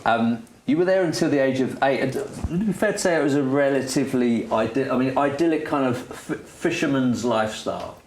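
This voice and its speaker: A man's voice: mid-range voice, a little fast, hardly any pauses, darkish tone, a little hiss or hum. A man hosting a football interview podcast in a recording studio, chatty and thorough, restarting his questions often. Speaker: podcast host.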